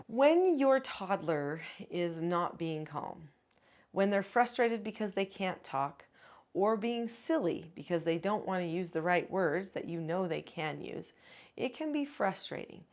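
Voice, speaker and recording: A woman working as a parenting educator and author, calmly explaining parenting skills step by step in an advice video. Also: medium pitch. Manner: calm, instructive, explains step by step.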